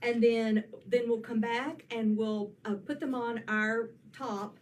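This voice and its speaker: A cheerful woman pitches her quilting class and promises it's easy. Her voice is slightly high. The mic is some distance away, and faint room noise sits underneath. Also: fairly even intonation, slow pace. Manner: upbeat, reassuring, light laughter. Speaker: quilting teacher. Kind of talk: casual class presentation.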